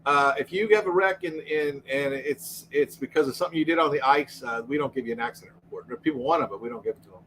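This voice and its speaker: A man's voice: mid-range voice, quick pace, hardly any pauses, a bit bright, slight background noise, poor audio. A man who used to be a police officer, co-hosting a casual livestream chat and telling rambling stories with a lot of restarts. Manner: rambling storytelling with repeated restarts. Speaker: co-host, former police officer.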